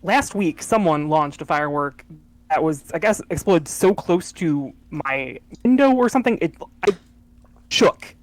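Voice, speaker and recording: Wry woman with a lowish voice. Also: animated, unhurried. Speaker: podcast co-host. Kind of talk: casual chat.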